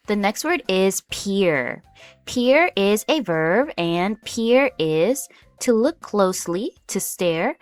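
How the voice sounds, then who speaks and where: Woman teacher, low voice, unhurried and patient, soft music underneath. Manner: patient, explains words step by step with example sentences. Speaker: English vocabulary teacher. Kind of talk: slow, clear vocabulary lesson.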